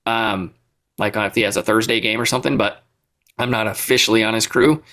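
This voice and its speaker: A man co-hosting a podcast, telling a rambling, animated story in casual chat. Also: on the low side, fairly quick. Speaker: podcast co-host.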